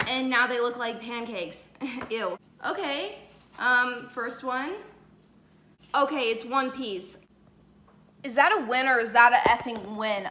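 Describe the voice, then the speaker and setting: A woman's voice: on the high side, bright, forceful tone, a little hiss or hum. A woman vlogging in her home kitchen as she bakes, rambling chattily with jokey asides. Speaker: cooking vlogger. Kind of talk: casual cooking vlog. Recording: echoey kitchen recording.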